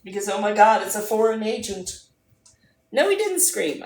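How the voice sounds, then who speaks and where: A woman hosting a livestream, chatting casually with viewers in a rambling way, her voice hoarse and going. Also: mid-range voice, animated, a little slow, pauses often. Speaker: livestream host. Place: at home.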